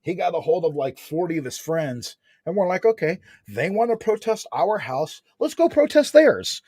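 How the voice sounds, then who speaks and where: Animated, slangy man in his forties. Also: on the high side, moderate pace, husky, dry recording. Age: 40s. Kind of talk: casual storytelling.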